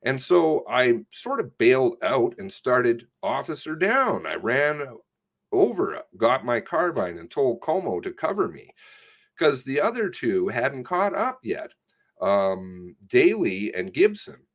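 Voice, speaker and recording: A man, a police sergeant, recounts an incident in a recorded statement, stumbling and swearing as he goes. His pitch swings up and down with feeling. He speaks at an unhurried, drawn-out pace. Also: sing-song. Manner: halting, profane, self-correcting retelling.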